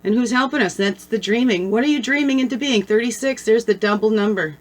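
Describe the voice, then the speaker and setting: A woman's voice: fairly high pitch, brisk. Chatty woman giving a spiritual pep talk. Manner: conversational, keeps asking "right?" for agreement; blunt and earthy, mixes swearing with spiritual talk. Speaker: spiritual guide and channel host. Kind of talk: casual motivational talk to camera.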